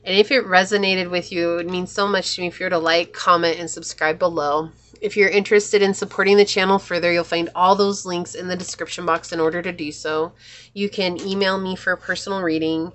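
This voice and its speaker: An earnest woman talks through a tarot reading with a slightly low voice. She sounds emotional and spiritual as she speaks to the viewer. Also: steady tone, fairly quick, a bit bright. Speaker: tarot reader.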